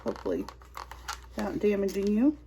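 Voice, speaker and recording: A woman's voice: medium pitch, huge pitch swings, fairly quick, gravelly, dark tone, slight background noise, poor audio. A woman vlogger chatting casually while unboxing a toy, giggly and rambling.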